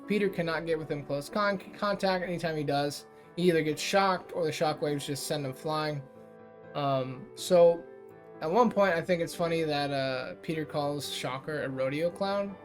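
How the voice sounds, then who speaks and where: A man casually reviewing a cartoon episode, rambling through the plot with lots of fillers and quick paraphrased quotes from the characters. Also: fairly high pitch. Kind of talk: casual spoken review recap.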